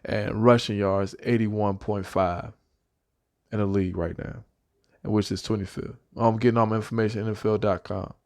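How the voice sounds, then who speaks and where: A young man excitedly giving a casual football prediction as a fan, repeating himself and speaking loosely. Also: fairly low pitch, moderate pace. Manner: excited, repetitive, talks like a fan. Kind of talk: casual sports prediction vlog.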